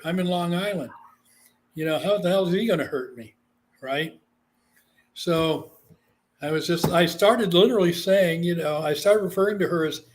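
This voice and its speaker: A man from Guam, a psychic medium, telling a story in a casual interview and acting out the voices he quotes. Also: a little high. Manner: animated, acts out quoted voices.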